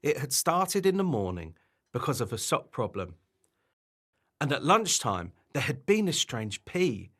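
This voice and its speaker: Lively, unhurried man reading a bedtime story. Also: mid-range voice. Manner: animated, expressive storyteller.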